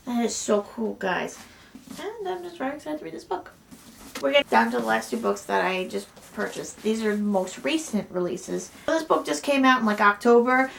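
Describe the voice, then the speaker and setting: Young female book vlogger, giddy and chatty, slight vocal fry, mid pitch. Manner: gushing, excitable, many "like"s and "oh my God"s. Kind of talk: casual book haul chat.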